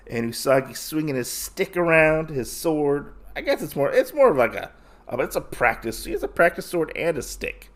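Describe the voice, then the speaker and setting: A man's voice: a little high, big pitch swings, moderate pace. A man hosting a podcast who retells a comic's story in a casual, rambling way, full of fillers. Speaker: podcast host.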